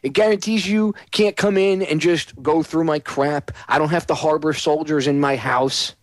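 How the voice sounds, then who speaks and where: A man's voice: on the high side, steady tone, moderate pace, no echo. A man hosting a talk radio show, delivering a heated, sarcastic monologue.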